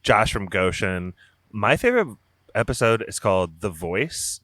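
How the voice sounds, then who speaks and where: A man hosting a casual podcast, giggling as he talks. His voice is lowish but swings widely in pitch, and the sound is dry and close. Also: measured pace, no room sound. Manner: giggly and animated. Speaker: podcast host. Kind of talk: casual chat.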